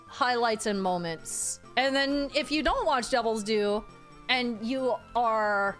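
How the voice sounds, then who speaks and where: A woman with a high, bright pitch talks casually to her live-stream viewers. She is excitable, swears freely and circles back over her own phrases as she goes. Faint music plays softly underneath her. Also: slow pace.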